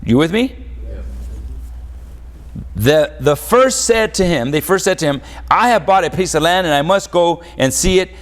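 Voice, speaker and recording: A man's voice: fairly high pitch, lively intonation, normal speed, long pauses. A man preaching a sermon as pastor, asking the congregation questions and having them answer back. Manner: call-and-response preaching, rhetorical questions. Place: church. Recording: long church reverb.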